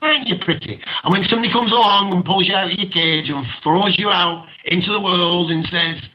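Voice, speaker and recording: A man's voice: high-pitched, brisk, highs cut off. A man hosting an internet radio show, talking with passion, ranting and laughing often. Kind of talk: impassioned talk radio monologue.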